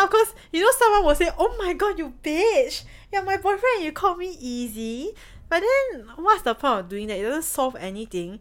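A young woman with a Singaporean English accent, chatting casually and frankly, swearing freely and acting out bits of dialogue. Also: a little high. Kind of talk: casual chat.

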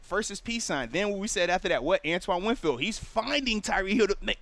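A man with a notably high voice talks sports as a former pro player. He is earnest and explanatory, and dips low and quiet when he drives a point home. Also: expressive, fairly quick, creaky. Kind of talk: casual sports radio chat.

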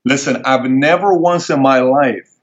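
A man telling a personal story as an interview guest, animated and acting out the people he quotes in a higher voice. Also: measured pace. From Middle East. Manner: animated, acts out quoted dialogue in raised voice. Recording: dull lo-fi sound.

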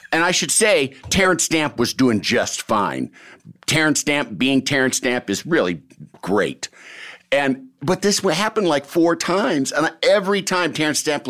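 Animated man telling stories. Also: fairly high pitch. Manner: animated storyteller, acts out quotes. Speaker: actor. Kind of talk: casual conversation.

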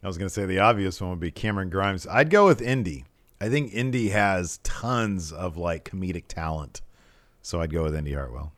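A man's voice: sits low, a little fast, no echo. A man co-hosting a casual wrestling chat show, laid-back, laughing easily and reading out fan questions. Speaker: podcast co-host.

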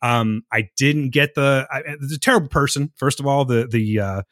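A man's voice: mid-range voice, moderate pace, a bit bright, no echo, clean studio sound. A man hosting a podcast, giving blunt, opinionated reviews in casual chat. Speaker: podcast host.

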